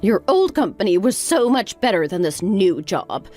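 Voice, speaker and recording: A woman playing a sharp-tongued, scornful older mother-in-law who talks in a sarcastic, scolding way. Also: medium pitch, very animated, moderate pace. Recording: faint background music.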